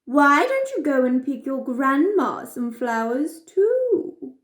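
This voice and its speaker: A woman's voice: sits high, sing-song, echoey room, full character voice. Woman putting on a sly big bad wolf. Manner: slow, sly, sugary-sweet. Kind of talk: puppet storytelling for children.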